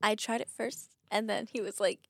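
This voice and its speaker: A young woman co-hosting a podcast, chiming in with quick reactions and frequent laughter in a casual chat. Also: mid-range voice, steady tone, vocal fry, fairly bright tone, no room sound, studio quality. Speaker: podcast co-host.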